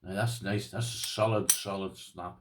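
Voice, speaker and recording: A man's voice: low voice, steady tone, moderate pace, heavy background noise. A man with an Irish accent, chatting casually as he unboxes and tries out padlocks, rambling with restarts. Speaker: lock-picking vlogger.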